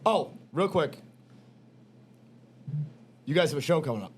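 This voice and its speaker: A man hosting a casual podcast, rambling and joking with quick asides. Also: fairly high pitch, expressive, breathy edge. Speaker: podcast host. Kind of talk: casual chat.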